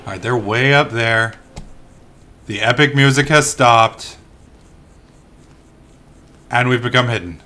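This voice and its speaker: A young man hosting a let's play, commentating excitably and shouting curses at the game. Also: mid-range voice, slow pace, long pauses. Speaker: gaming channel host.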